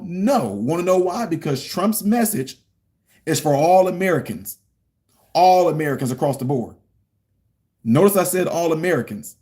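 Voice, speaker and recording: A middle-aged man with a voice sitting a little high for a man, holding forth to a live chat. He is animated and preachy, pressing his points and talking straight to his viewers. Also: moderate pace. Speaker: political commentary streamer. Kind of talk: live-chat political commentary.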